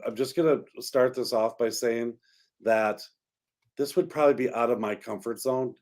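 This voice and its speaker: A man who is a realtor and radio co-host, chatting casually in a studio and working through long, halting explanations. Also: lowish voice, a little mellow.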